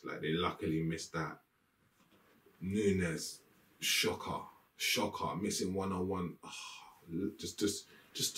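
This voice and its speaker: Exasperated low-voiced football fan. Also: male voice, reverberant, distant mic. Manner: exasperated, blunt, swears. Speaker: football fan reacting to a match. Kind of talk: ranting post-match reaction. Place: room with green screen.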